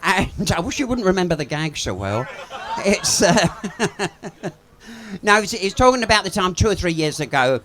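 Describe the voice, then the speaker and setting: A man's voice: high voice, very animated, moderate pace, fairly bright tone. A man doing cheeky, gossipy stand-up patter as a cabaret comedian on a pub stage before a live audience. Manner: camp, cheeky, gossipy storytelling with laughs.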